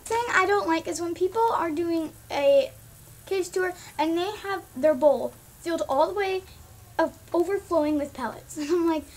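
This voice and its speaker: Young female vlogger, high pitch, chatty exasperated scolding tone. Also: normal speed. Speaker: pet vlogger. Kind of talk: casual ranting monologue.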